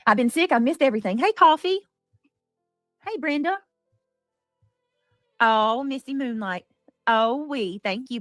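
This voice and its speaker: A woman hosting a casual livestream, greeting viewers by name and cheering gifts with excited squeals. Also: fairly high pitch, no room sound, clean studio sound. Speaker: livestream host.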